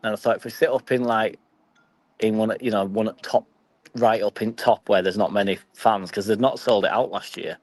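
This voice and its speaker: Yorkshire football-fan streamer, young man, lowish voice, dry close sound, sweary and chatty with his viewers. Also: steady tone, moderate pace, no echo, rough recording. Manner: chatty, sweary, banters with live chat. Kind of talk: casual live-stream chat.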